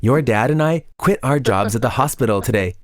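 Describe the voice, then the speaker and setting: Distressed mother, read by a man, plain even voice, storybook narration. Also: medium pitch, fairly quick, no room sound, lightly acted. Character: upset mother, a hospital worker.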